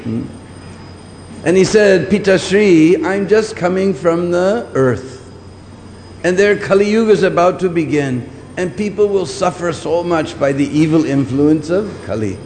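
Expressive yet a little slow, this preacher's high-sitting voice is a little mellow. During his scriptural lecture he repeats ideas and often checks with the audience by asking "hmm?". The recording has a long hall reverb and faint background noise.

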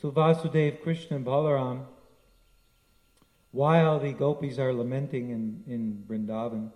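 Man, spiritual teacher, devotional talk, storytelling, mellow dark tone, mid pitch. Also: moderate pace, rough recording. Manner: storytelling, lively, frequent restarts.

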